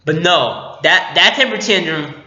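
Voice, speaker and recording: A man riffs through a casual movie review, joking, giggling and playing out scenes. His voice is bright and slightly high. The audio is dull and lo-fi, with a roomy echo. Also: expressive, measured pace. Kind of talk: casual spoiler review vlog.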